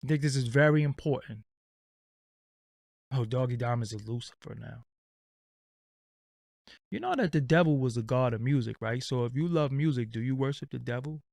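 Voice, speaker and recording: A man's voice: medium pitch, expressive, normal speed, gravelly, pauses often, darkish tone, no room sound. A man hosting his own livestream, ranting bluntly and casually with profanity and lots of fillers. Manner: blunt, profane, streetwise, rambling. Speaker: channel host.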